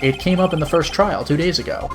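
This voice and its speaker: A man's voice: a little high, over music, close to an everyday voice. A man reading an earnest young lawyer. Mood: explaining. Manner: steady, deliberate explaining. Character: earnest young male defense attorney. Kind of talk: reading game dialogue aloud.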